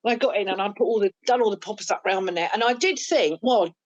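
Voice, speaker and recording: A woman's voice: medium pitch, fast, a little mellow, no room sound, dull audio. Chatty woman in her fifties. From London, England. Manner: chatty, self-mocking anecdotes. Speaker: podcast host and mother. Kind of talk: casual storytelling chat.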